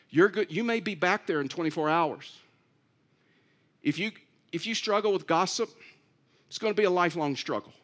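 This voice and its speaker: A man's voice: sits high, moderate pace, long pauses, fairly bright tone. A man preaching a sermon in an earnest way, repeating key phrases and rising to emphatic pleas. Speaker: pastor.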